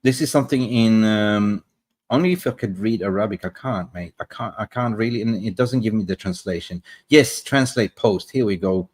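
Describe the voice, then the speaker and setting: A man's voice: lowish voice, normal speed, darkish tone. A man hosting a live football stream, rambling and talking to his viewers while he searches online. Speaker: football livestream host.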